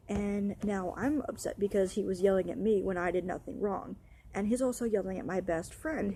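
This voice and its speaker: A woman's voice: medium pitch, mellow, slight background noise. A young woman rants in an upset, run-on way, swearing often as she tells a storytime vlog about her night. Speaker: vlogger.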